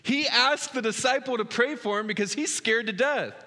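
Bright-voiced male pastor preaching in a hall. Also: extremely high pitch, normal speed. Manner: earnest, swings from hushed to loud and excited. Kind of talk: sermon. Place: church sanctuary. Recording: long hall reverb.

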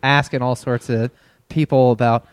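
A man's voice: medium pitch, level tone, moderate pace, smooth, dry recording. A man co-hosting a crude comedy podcast, sarcastic and mock-outraged, swearing a lot. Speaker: co-host.

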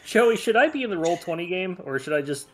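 A man's voice: sits high, sing-song, fast, loud music behind the voice. A man chatting casually as a tabletop game player, stammering and laid-back.

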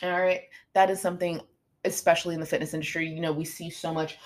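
A woman's voice: fairly low pitch, quick pace. A middle-aged woman fitness coach hosting a podcast, talking casually and motivationally, acting out what her students say. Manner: chatty, animated, acts out her students' lines.

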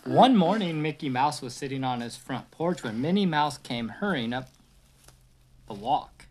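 A father reading a storybook aloud to his young children, animated and patient, stopping to explain pictures. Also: medium pitch, unhurried.

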